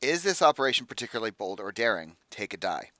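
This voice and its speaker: A man's voice: fairly low pitch, very animated, quick pace, sharp tone, no room sound. A man running a tabletop game as game master, explaining the rules and weighing his calls aloud.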